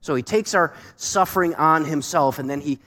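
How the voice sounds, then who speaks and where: A man's voice: on the high side, moderate pace, sharp tone. A man preaching a sermon as pastor, asking the congregation rhetorical questions with shifting emphasis. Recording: long hall reverb.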